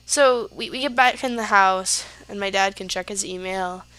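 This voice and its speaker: A woman's voice: mid-range voice, normal speed, a bit bright, no echo. A teenage girl hosting a podcast, telling a story casually with lots of "like" and "yeah". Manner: chatty, lots of fillers like "like" and "yeah". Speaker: podcast host.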